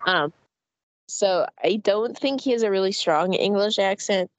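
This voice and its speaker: A woman's voice: medium pitch, measured pace, dry recording, poor audio. A woman co-hosting a casual podcast, chatting in a rambling way with many fillers. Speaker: podcast co-host.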